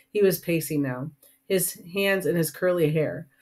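A woman's voice: on the low side, moderate pace, a little mellow. Woman reading a novel aloud in first person. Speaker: audiobook narrator. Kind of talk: first-person audiobook narration.

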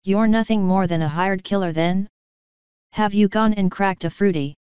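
A woman's voice: medium pitch, moderate pace, smooth, no room sound, muffled recording, lightly acted. A woman voicing a young male pegasus pony soldier, earnest and accusing, in a storybook reading. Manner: accusing, indignant.

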